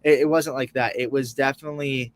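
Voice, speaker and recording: A man's voice: mid-range voice, fairly even intonation, a little fast. A young man reacting live as co-host of a sports fan show, emotional and rambling, restarting and repeating words.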